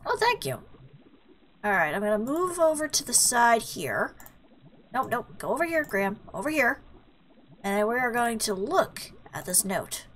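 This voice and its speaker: A woman's voice: on the high side, very animated, normal speed, a bit bright, a little hiss or hum. A woman streamer giving casual, jokey commentary while playing an adventure game, often telling the character where to go. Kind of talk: casual let's-play commentary.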